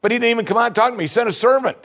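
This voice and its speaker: A man voicing a proud, offended general who expected grand treatment, talking fast and stumbling with indignation. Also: extremely high pitch, a bit bright, pitched above the performer's own voice, exaggerated voice. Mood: indignant. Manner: indignant, quick, stumbling over words.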